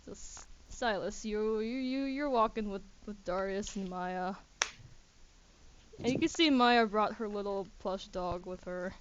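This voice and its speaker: A woman's voice: medium pitch, measured pace. Chatty woman game master on a muffled recording. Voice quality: chatty, lightly giggly, stammering restarts. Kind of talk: narrating a tabletop game. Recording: muffled lo-fi recording with noisy hiss.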